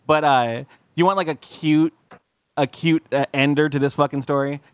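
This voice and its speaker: A man's voice: a little high, fairly even intonation, moderate pace, smooth, no room sound. A young man co-hosting a comedy podcast, telling crude, rambling stories full of swearing. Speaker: podcast co-host. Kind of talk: casual comedic chat.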